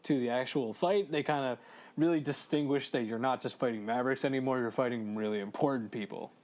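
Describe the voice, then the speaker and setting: A man co-hosting a podcast in casual chat, excitable, swearing and laughing as he talks through a game. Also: mid-range voice, fairly quick. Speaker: podcast co-host.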